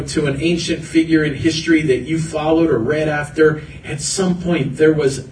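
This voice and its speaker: A fairly high-voiced man preaches an earnest sermon, building his points through repeated phrases. He is picked up from some distance in a roomy, echoing hall, with a faint rumble underneath. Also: darkish tone. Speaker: pastor. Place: church hall.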